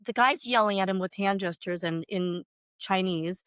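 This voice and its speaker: A woman whose first language is not English, telling a story on a podcast. She is animated, laughs often, swears freely and fills her talk with "like". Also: medium pitch, moderate pace, clean tone, no room sound, studio quality. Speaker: podcast co-host. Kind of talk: casual storytelling.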